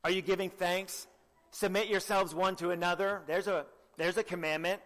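A young man preaching a sermon with earnest exhortation, often asking the listeners direct questions and clearing his throat. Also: sits high, steady tone, moderate pace, fairly bright tone, big-room sound.

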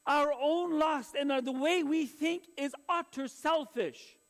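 A man's voice: very high-pitched, a little slow, fairly bright tone. A middle-aged male pastor preaching a sermon in an earnest, confessional way, often restarting his phrases.

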